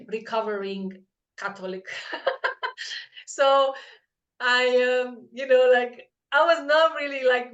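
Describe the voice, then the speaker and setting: Chatty woman with a higher-pitched voice. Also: muffled recording. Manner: animated, acts out quoted voices, frequent fillers. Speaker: podcast host. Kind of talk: casual storytelling chat.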